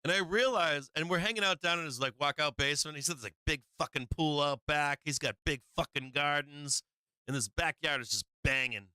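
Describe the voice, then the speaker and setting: A man's voice: fairly high pitch, brisk, bright, forceful tone, clear, resonant tone, no echo. A man hosting a live stream, telling a rambling, profane story in a casual way, repeating himself and chuckling as he goes. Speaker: live-stream market show host.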